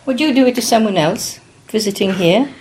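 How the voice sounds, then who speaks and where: A woman's voice: medium pitch, animated, fairly quick, a little mellow, slight background noise. A woman interviewing a small group, asking probing questions and often restarting them mid-sentence.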